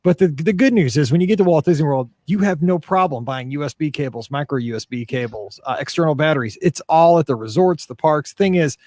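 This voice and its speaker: A man's voice: a little high, lively intonation, fairly quick, hardly any pauses, a little mellow, dry recording, clean studio sound. A middle-aged man co-hosting a podcast, chatting casually in a rambling, self-deprecating way. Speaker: podcast co-host. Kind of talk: casual chat.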